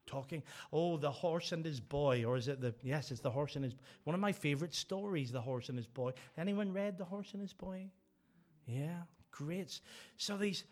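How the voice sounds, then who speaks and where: A man preaching a sermon, telling stories and acting out the voices he quotes. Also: fairly high pitch.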